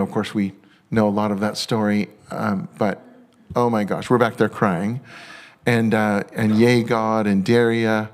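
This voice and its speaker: A male pastor preaching a sermon, excitable and halting with many restarts, turning tender and emotional at times. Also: fairly low pitch.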